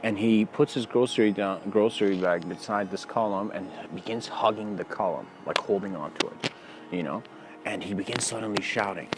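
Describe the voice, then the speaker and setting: A man giving a casual spoken lecture outdoors near train tracks, telling stories in a relaxed, rambling way. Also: on the low side, moderate pace, heavy background noise. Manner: relaxed, rambling, many fillers. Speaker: spiritual lecturer.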